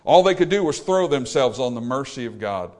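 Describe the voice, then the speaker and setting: A male preacher delivering a sermon, rising to loud exclamations and dropping to quiet, low lines. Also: very animated, brisk.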